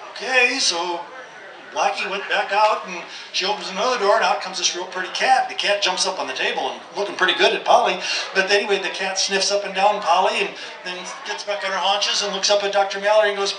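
A man's voice: high-pitched, quick pace, a little hiss or hum. A man telling a folksy joke to a crowd at a church celebration under a large outdoor tent. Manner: folksy storytelling. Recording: distant, echoey, music in background.

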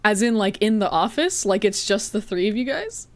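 Her voice sits at medium pitch, very animated, at a moderate pace. Gaming on a live stream, she casually chats with viewers, calling them by name and teasing them with frequent laughter.

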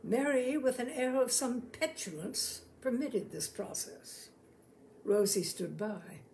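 Woman narrator for a short-story reading; slow, measured, even-toned delivery. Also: on the high side, gravelly, a little hiss or hum. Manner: slow, measured delivery, lifting her voice for quoted lines. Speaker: storyteller reading fiction aloud. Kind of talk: unhurried literary reading with acted dialogue.

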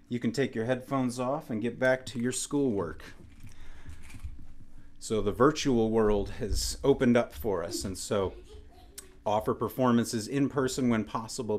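A man performing for children, introducing his songs in a calm, encouraging, friendly way during a virtual show. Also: mid-range voice. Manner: calm, encouraging, speaking to kids. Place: home studio, broadcasting virtually.

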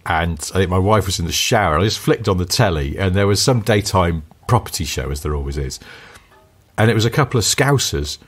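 Low-voiced guy from northwest england, cracks jokes and teases his cohost, pitch jumps around a lot. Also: expressive, fairly quick, slightly rough. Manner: joking, teasing banter. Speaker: podcast co-host. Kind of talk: casual chat.

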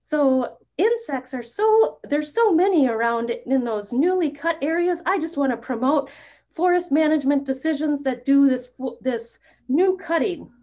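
A woman's voice: animated, unhurried, a little mellow. A woman voicing a cheerful female songbird in an educational role-play, with a folksy, bubbly manner. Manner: folksy, bubbly, high put-on voice.

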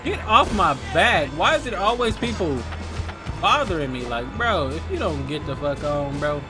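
A man riffs his way through a video game with crude, slang-filled jokes, his voice swinging up and down as he reacts. Loud game music plays underneath him. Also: on the high side, very animated, normal speed. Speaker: gaming youtuber. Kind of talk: casual gameplay commentary.

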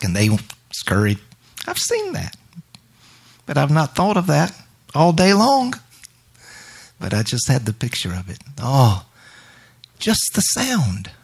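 A man's voice: fairly high pitch, creaky, husky. A male minister giving a spontaneous, reflective sermon during worship and quoting scripture.

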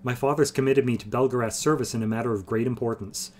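A man's voice: medium pitch, steady tone, fast, a little hiss or hum, natural voice. A man voicing a fiery, idealistic young male patriot in a fantasy audiobook reading. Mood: fervent. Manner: intense, hot.

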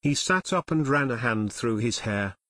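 Guy reading an audiobook, steady storytelling, mid pitch, dry close sound. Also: normal speed, no room sound. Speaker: audiobook narrator. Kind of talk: scripted audiobook narration.

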